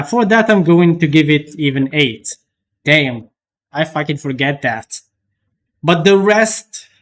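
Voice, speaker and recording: A young man streaming live, chatting casually and rambling, with lots of restarts and swearing. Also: a little high.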